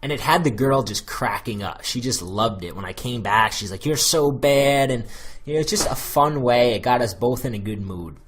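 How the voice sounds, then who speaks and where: A man's voice: medium pitch, animated, normal speed, fairly bright tone, slight background noise. An American man coaching on dating in a loose, chatty monologue full of fillers. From United States. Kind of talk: casual spoken advice monologue.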